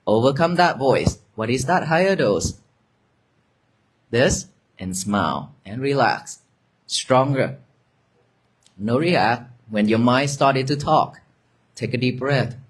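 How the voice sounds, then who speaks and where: Male monk, mid pitch, very slow and gentle meditation guidance in a dharma talk. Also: expressive, slightly rough. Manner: slow, gentle, repetitive guiding cues, soft at times. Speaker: Buddhist monk teaching meditation. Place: monastery gathering with an audience.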